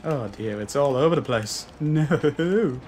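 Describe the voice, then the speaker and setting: A man's voice: fairly high pitch, expressive, slow pace, a little mellow. A man giving casual, self-deprecating commentary while playing a racing game, swearing and laughing at his own mistakes. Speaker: gaming YouTuber.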